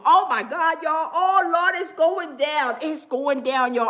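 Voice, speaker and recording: Chatty woman streamer, high voice, gets all hyped over breaking news. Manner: excitable, chatty, reads headlines aloud slowly. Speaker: livestream host. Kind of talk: live-stream news commentary.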